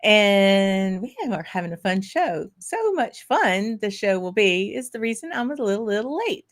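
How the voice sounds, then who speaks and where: A woman with a medium-pitched, expressive voice hosts a whisky livestream show, talking at a moderate pace. Chatty and bubbly, she welcomes viewers by name and gives chat shout-outs, saying "um" and "y'all" often and bursting into laughter.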